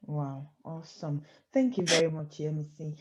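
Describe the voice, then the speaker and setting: A woman's voice: low-pitched, normal speed, lo-fi sound, a crowd in the background. A woman in her forties hosting an interview, chatty and playful, teasing her guest. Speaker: host.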